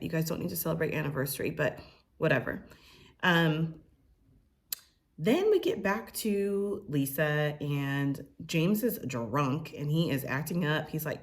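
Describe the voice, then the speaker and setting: A woman's voice: expressive, moderate pace. A young woman recapping a reality TV episode in a casual, opinionated way, full of fillers, sometimes mimicking the cast. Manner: chatty and opinionated, with frequent fillers; mimics cast members' lines in a higher voice. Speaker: recap host.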